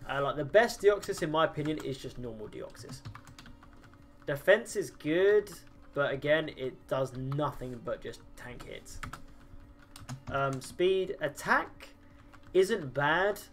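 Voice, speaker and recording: A man's voice: a little high, expressive, slow pace. A tired man with a medium voice, chatting casually on a gaming livestream, answering chat, swearing, with many ums and restarts. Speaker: streamer.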